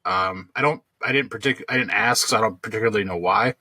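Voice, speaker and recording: A man co-hosting a podcast tells a long story in casual chat, rambling with lots of fillers and restarts. His fairly low voice is quick, husky, pushed and bright, in a dry recording.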